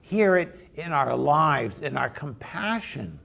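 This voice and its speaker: A man's voice: fairly high pitch, big pitch swings, takes it slowly, vocal fry, fairly bright tone. A man preaching a sermon in a conversational, storytelling way. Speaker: pastor.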